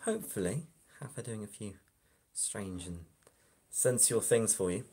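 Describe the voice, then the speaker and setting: A man's voice: lowish voice, lively intonation, unhurried, warm tone, slightly rough. A man hosting a casual live stream from a phone indoors, chatting and joking with viewers. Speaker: hypnotist livestream host. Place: flat indoors. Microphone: phone camera.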